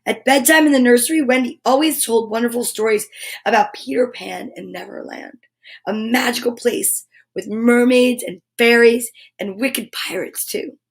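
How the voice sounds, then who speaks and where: Upbeat woman reading a storybook. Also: on the high side. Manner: enthusiastic, chatty asides between read passages. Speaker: children's story time host. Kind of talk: reading a picture book aloud to kids.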